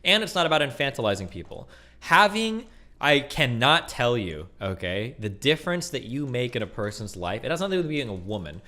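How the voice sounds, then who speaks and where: A man's voice: medium pitch, big pitch swings, brisk, bright, forceful tone. A man streaming, giving casual reaction commentary in a rambling, profane way with many fillers and restarts.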